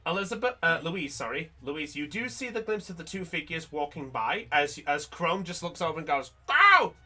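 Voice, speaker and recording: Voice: mid-range voice, a little fast, faint music behind, low-quality recording. A game master narrating a tabletop game on stream, rambling and correcting themself. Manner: rambling, self-correcting, animated.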